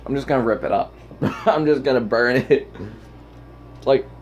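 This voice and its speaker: The audio is dull with a bit of background noise as a man at a moderate pace vlogs on his handheld phone. His rant wanders, punctuated by loud, squeaky quoted voices.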